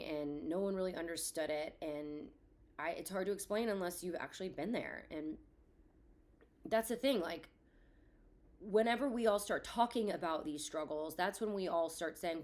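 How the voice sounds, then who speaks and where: A woman's voice: fairly low pitch, a little mellow. Blunt, profane woman hosting a podcast. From Florida. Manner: blunt and profane, swinging between rant and reflection. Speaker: podcast host. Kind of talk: candid solo podcast monologue.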